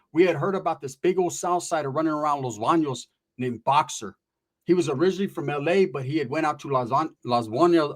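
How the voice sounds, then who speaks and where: A man from Northern California telling a wild personal story in casual street slang, swearing freely and acting out the voices of the people in it. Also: fairly high pitch. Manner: animated, profane street slang, acts out voices.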